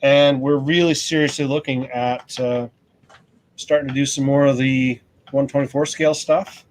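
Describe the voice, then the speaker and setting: A man's voice: medium pitch, normal speed. Easygoing guy hosting a hobby talk show, chatty and jokey, bit of noise in the background. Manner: relaxed, joking, talks while unboxing. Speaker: host. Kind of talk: casual chat.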